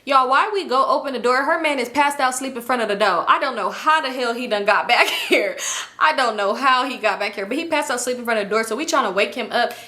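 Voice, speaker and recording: A young woman tells a storytime vlog tale casually, animated and swearing, voicing other people's lines and dropping to near-whispers for her own thoughts. Her voice is on the high side, and she talks fast.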